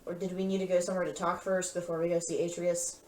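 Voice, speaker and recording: A woman's voice: fairly low pitch, level tone, fast talker, darkish tone. A woman playing in a tabletop game, chatting in a playful way and laughing easily. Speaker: player. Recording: roomy echo with faint noise.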